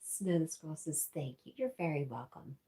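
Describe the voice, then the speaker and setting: A woman's voice: deep voice, expressive, moderate pace, warm tone. A woman hosting a casual livestream, reading out viewer comments and laughing often. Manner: giggly, reads out chat messages. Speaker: livestream host.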